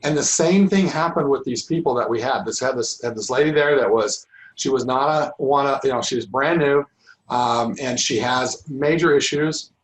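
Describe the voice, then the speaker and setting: Hoarse man teaching an informal class. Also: mid-range voice, normal speed, low-quality recording. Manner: rambling, restarts sentences often. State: losing his voice. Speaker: holistic healing teacher. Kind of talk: informal online class talk.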